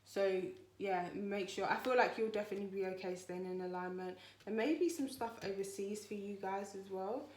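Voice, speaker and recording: A woman's voice: medium pitch, normal speed, few pauses, a little mellow. Chatty woman tarot reader, echoey room. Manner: chatty, rambling, reassuring. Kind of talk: spiritual tarot reading.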